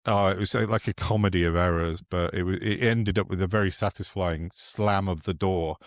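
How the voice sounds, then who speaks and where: Sweary man, low voice. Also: steady tone, brisk, dry recording, studio quality. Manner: sweary, mocking, chatty storytelling. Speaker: podcast co-host. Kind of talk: casual political chat.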